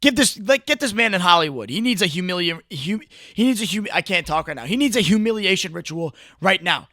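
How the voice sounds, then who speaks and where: Young male commentary host, sharp bright tone, dry close sound, riffs and mocks excitably. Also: high voice, fairly quick, no room sound. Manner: mocking, riffing, excitable, with frequent "like" and "bro". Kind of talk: casual reaction commentary.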